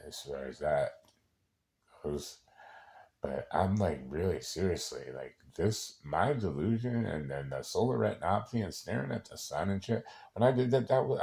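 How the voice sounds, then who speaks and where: A man's voice: extremely low pitch, a little mellow. A man in a casual personal monologue who rambles, swears freely and keeps restarting his sentences. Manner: rambling and profane, with many halting restarts.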